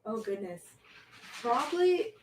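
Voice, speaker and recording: A woman's voice: on the high side, sing-song, unhurried, recorded from a distance, a little hiss or hum, poor audio. Rambling young woman chatting on a livestream. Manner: rambling, self-interrupting, giggly. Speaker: livestream host. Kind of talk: casual chat reading viewer questions.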